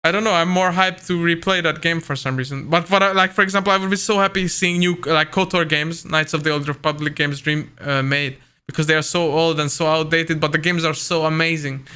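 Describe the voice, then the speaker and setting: A man's voice: on the high side, flat delivery, fairly quick, few pauses, sharp tone, smooth. A young man co-hosting a casual gaming podcast, enthusiastic and rambling, full of fillers. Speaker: podcast co-host.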